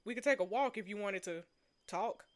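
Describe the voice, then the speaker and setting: A woman reading as a calm, quiet male survivor in a story game. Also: mid-range voice, voice pushed down, close to an everyday voice. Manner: measured, quiet, reassuring.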